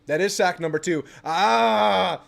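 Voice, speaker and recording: A young man hosting a live football watch party, chatting casually about the game and bursting into excited yelling at the TV on big plays. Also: a little high, moderate pace. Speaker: sports channel host.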